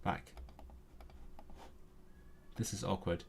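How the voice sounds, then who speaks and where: Speaking very slowly, this man live-streams his language practice, thinking aloud, sounding words out and fixing his own mistakes. The casual stream has slight background noise.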